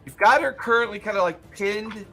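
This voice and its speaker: A young man narrating a tabletop game as game master, animated and laughing, with lots of "like" fillers. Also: sits high, normal speed, soft background music.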